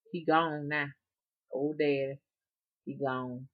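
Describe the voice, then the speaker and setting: A middle-aged woman from the Deep South speaks in a low, homey voice with a strong Alabama accent. She rambles along in a folksy, unhurried way, addressing her viewers directly as she reminisces. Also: fairly even intonation. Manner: rambling, folksy, chuckling often. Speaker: rootworker vlogger. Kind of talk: casual chat to viewers.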